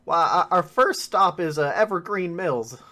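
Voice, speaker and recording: Chatty, filler-heavy game master. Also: male voice, high-pitched, animated, sharp tone. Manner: casual and filler-heavy, lots of "uh" and "like", quick to laugh. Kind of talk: improvised tabletop game narration.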